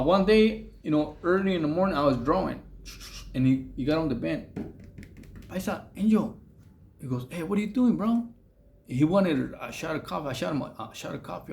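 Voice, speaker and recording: A man tells a story in loose, rambling vlog style, leaning on slang and fillers. His voice sits a little high and has a gravelly edge. A faint hiss runs under the recording. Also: a little mellow. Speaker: vlogger telling prison stories. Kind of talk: casual storytelling monologue.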